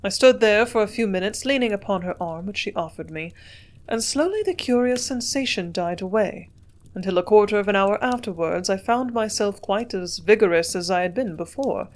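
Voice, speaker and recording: A woman reading a classic novel aloud as an audiobook narrator, with a measured, steady storytelling delivery. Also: mid-range voice. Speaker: audiobook reader.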